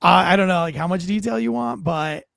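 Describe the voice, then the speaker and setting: A man's voice: sits high, fairly quick, creaky, fairly bright tone, no echo, studio quality. A man, a former police officer, telling a story in a casual interview in a blunt, profane, rambling way.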